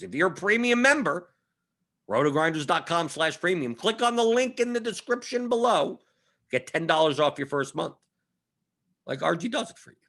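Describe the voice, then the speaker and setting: Bright-voiced man hosting a live stream. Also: on the high side, vocal fry. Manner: emphatic, repetitive, conversational with frequent "right?". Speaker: fantasy sports analyst host. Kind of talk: casual live-stream chat.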